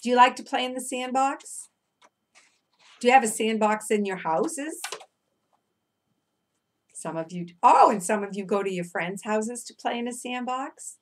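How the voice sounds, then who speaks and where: Woman teacher reading to little kids, unhurried, very lively melody, coaxing questions. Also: a little high. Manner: singsong chanting, coaxing questions. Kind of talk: read-aloud lesson for young children.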